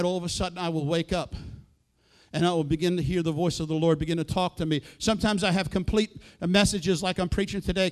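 A middle-aged male pastor preaching a sermon in a conversational way, full of rhetorical questions and quoted asides. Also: high-pitched.

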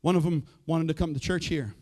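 A middle-aged male pastor preaches a sermon conversationally, packing it with rhetorical questions and quoted asides. His voice sits on the high side with a darkish tone, moving a little fast.

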